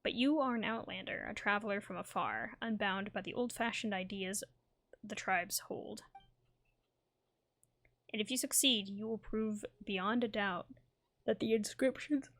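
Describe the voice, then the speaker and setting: A woman's voice: mid-range voice, measured pace, a bit bright. A woman reading a polite, formal male scholar's lines aloud from a game. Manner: formal, courteous phrasing.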